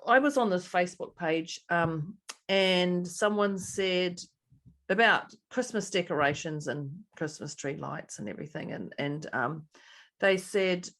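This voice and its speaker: A woman co-hosting a casual podcast and working as a coach, telling stories with lively acted-out dialogue. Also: fairly low pitch, unhurried. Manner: animated storyteller acting out dialogue.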